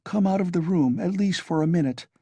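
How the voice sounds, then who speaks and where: A proud, earnest young woman speaks gently but with a quick temper, her voice raised high. A man voices her. The husky tone sits close and dry. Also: dry recording.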